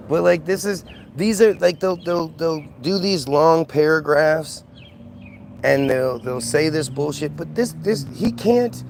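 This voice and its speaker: A man's voice: on the high side, slow, gravelly, slight background noise. A man talking in a heated, casual monologue, mocking and contemptuous as he rants. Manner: ranting, repetitive restarts.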